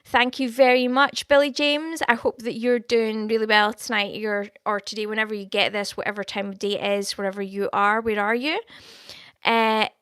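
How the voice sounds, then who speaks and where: A Scottish woman talks to her livestream viewers, reading out their comments and speaking prophecy over them. Her voice sits a touch high and sounds clear and smooth. The studio mic picks it up close and dry, with no room around it. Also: flat delivery, moderate pace, a bit bright, no echo. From Scotland. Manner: chatty, reads out viewer comments and thanks them. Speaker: livestream host giving prophecy. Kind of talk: live-stream chat and prophecy. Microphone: studio microphone.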